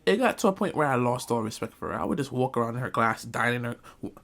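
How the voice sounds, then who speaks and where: A man's voice: medium pitch, lively intonation, fast, creaky, fairly bright tone. A young man telling a comic school story in a storytime vlog, acting out quotes. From Jamaican family, Caribbean community. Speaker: vlogger.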